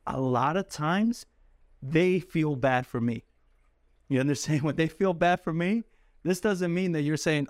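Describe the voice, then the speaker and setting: A man coaching cold callers in a casual, talkative way who laughs often and acts out calls in a soft apologetic voice. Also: fairly high pitch, a little slow, no echo, studio quality. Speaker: sales coach. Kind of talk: coaching talk to camera.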